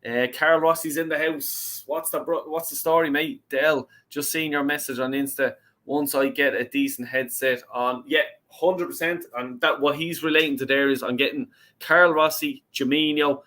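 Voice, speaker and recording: A man's voice: a little high, fairly even intonation, moderate pace, bright, forceful tone. A young Irish man hosting a fan call-in live stream, chatting casually, reading out chat messages and swearing freely. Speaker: host of a fan call-in show.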